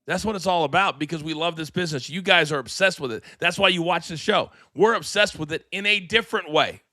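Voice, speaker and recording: Bright, energetic male talk-show host. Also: a little high, dry recording, clean studio sound. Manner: energetic, fast promo-style delivery. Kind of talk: live wrestling talk show. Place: studio.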